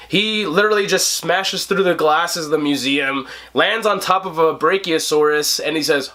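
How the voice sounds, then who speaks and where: A man in his twenties hosting a casual movie review vlog, animated and joking, laughing often. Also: on the high side, moderate pace. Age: 20s. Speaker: host.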